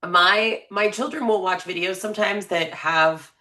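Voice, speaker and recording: A woman in her thirties co-hosts a podcast, chatting casually and playfully and laughing often. Her mid-range voice is pushed and bright, moving at a measured pace.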